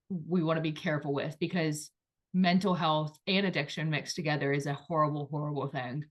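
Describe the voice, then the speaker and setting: A woman's voice: deep voice, fairly bright tone. Rambling woman podcast co-host. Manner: rambling, talking it through with many "like"s. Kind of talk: casual chat.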